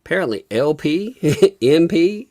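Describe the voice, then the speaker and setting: Speaking a little slowly in a low, warm voice with lively intonation, a woman livestreams casual gossip commentary. She's amused and mocking throughout, laughing frequently.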